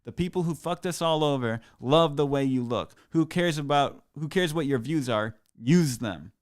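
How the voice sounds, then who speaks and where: A man's voice: a little high, normal speed, natural voice. A man voicing an earnest activist who pleads urgently and emphatically in a text message he reads aloud. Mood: urgent pleading.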